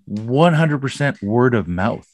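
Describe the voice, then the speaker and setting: A man's voice: mid-range voice, animated, slow pace, darkish tone, no room sound. A man hosting a podcast, chatting casually and rambling with many fillers. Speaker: podcast host. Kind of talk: casual conversation.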